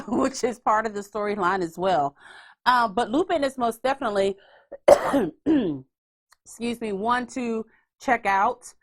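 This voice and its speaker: Brief: woman podcast host, fairly high voice, loose and animated, casual profanity. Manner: chatty and animated, swears freely. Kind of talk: casual chat.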